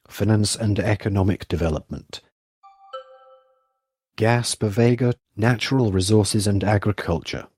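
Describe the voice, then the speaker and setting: Man reading an official listing, music under. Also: on the low side. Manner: flat formal recitation of names and titles. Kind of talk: scripted reading of a government listing.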